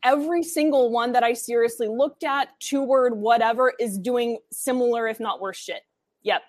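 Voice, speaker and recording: A woman with an upper Midwestern accent, a podcast guest from the DC area, talking casually and haltingly with many fillers. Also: fairly high pitch, fairly even intonation, dry recording, clean studio sound. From Washington D.C. area.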